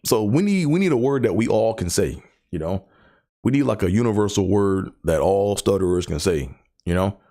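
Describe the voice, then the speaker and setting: A man with a fairly low, dark, expressive voice hosts his own podcast, talking casually at a normal speed. He rambles on about stuttering, a condition he lives with, and his speech carries many fillers, repeated words and stutters.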